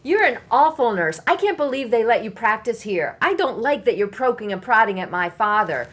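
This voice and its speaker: A woman playing an angry visitor who shouts accusations at a nurse caring for her father. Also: a little high, sing-song, normal speed. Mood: angry, yelling.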